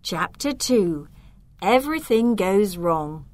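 Woman narrator for a storybook, unhurried, dry close recording. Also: mid-range voice, big pitch swings, darkish tone, no room sound. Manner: clear, measured reading aloud. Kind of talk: storybook reading.

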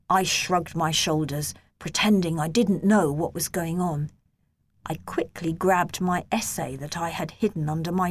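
Slow, gentle woman reading a story. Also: fairly low pitch. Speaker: narrator. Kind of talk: storybook read-aloud.

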